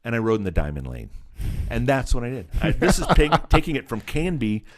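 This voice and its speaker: A man's voice: medium pitch, a little fast. A middle-aged man from Southern California, a special effects artist, telling stories as an interview guest and acting out the people in them. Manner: animated storyteller, acts out voices, laughs often. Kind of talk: casual storytelling interview.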